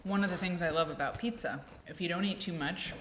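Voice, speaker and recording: Low-pitched female vlogger, rambling and self-mocking, recorded in a reverberant room. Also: brisk, fairly bright tone. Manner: rambling, self-deprecating, playful. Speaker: vlog host. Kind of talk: casual chat to camera. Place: indoors at home with a fan blowing. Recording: echoey room with faint noise.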